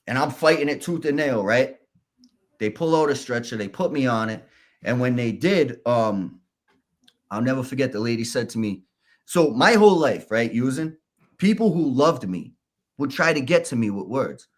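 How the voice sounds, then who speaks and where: A man, a podcast guest, telling his story candidly in a halting, casual way. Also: medium pitch, expressive. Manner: candid, halting, restarts and fillers.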